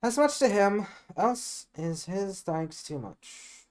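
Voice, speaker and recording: A man's voice: high-pitched, expressive, slow pace, a little mellow, pitched above the performer's own voice. Juliet, a man doing her in a raised voice. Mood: eager. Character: eager impatient young girl in love. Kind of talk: amateur Shakespeare reading.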